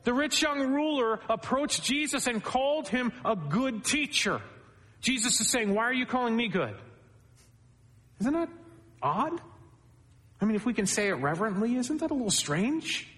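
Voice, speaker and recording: A pastor preaches an expository sermon, calling the congregation "beloved" and raising his pitch to stress key points. His voice is a bit bright with big pitch swings at a moderate pace, in a big-room acoustic.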